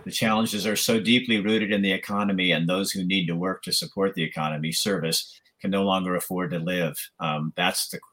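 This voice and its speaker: A man hosting a podcast, chatting casually with guests on a live stream. His voice sits fairly low, and he rambles along with stammered restarts and some good-natured teasing. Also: steady tone, fairly quick, hardly any pauses, fairly bright tone. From Oregon. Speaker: podcast host.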